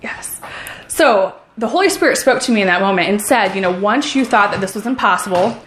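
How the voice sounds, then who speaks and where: A woman's voice: mid-range voice, expressive, a little fast, fairly bright tone, roomy sound, slight background noise. A woman who is a runner and a mom, talking in an upbeat, enthusiastic and encouraging way in a casual motivational vlog.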